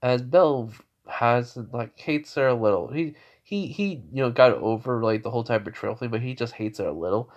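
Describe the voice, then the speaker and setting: Young man, casual storyteller, middle-pitched voice, halting delivery full of restarts and little chuckles. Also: highs cut off. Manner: halting, many restarts and fillers, chuckles often. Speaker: fan-fiction storyteller. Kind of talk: casual improvised story narration.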